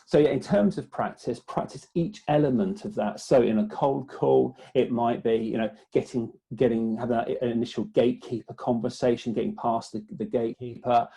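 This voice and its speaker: A man who is a business development guest on an interview, speaking haltingly with many restarts. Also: medium pitch, dark tone. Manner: hesitant, many restarts and fillers. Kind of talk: conversational interview.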